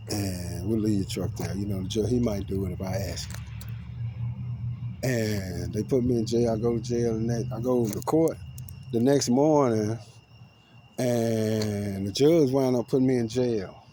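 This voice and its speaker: A man tells a rambling, profane, paranoid story outdoors, swinging between loud outbursts and low mutters. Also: a little slow, noisy background. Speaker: vlogger. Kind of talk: agitated personal storytelling to camera. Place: outdoors among trees.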